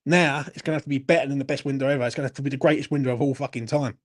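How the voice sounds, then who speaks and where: A man's voice: medium pitch, steady tone, very fast. A young man hosting a late-night football Q&A, blunt and sweary, a little tipsy as he answers chat comments. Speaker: football channel host.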